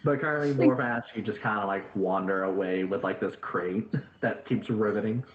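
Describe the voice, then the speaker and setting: A man's voice: on the low side, normal speed, a little hiss or hum. A man narrating as dungeon master, rambling with lots of fillers. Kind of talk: narrating a tabletop game. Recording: echoey, tinny voice-chat line.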